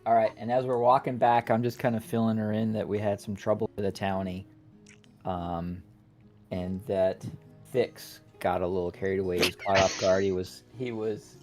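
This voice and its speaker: A man playing a tabletop game, chatting casually and trailing off quietly. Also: on the low side, flat delivery, normal speed, soft background music. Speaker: player.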